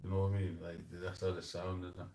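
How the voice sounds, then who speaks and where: A man's voice: low-pitched, monotone, quick pace, mellow. A man hosting a loose, laughing chat about scripture, in casual street slang. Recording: roomy echo.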